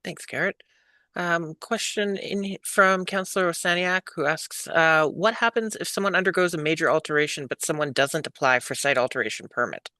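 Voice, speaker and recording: A man with a bright, fairly high voice moderates an online public meeting. He reads out attendees' questions in a friendly, upbeat way, and the recording is dry with no room sound. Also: normal speed, no room sound.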